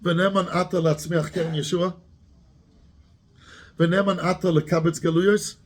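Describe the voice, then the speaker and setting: A man's voice: sits high, steady tone, measured pace. A man, a rabbi giving a Torah class who keeps asking his students questions and mixes Hebrew terms into his English.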